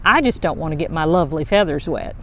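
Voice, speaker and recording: A woman's voice: sits low, expressive, quick pace, vocal fry, dull audio. Vain little duckling, fussy about his feathers, read by a lady. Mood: prim.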